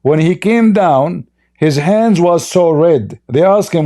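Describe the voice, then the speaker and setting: A man's voice: on the high side, expressive, slow, mellow. Mocking, combative man hosting a debate. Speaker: debate host. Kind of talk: live online debate.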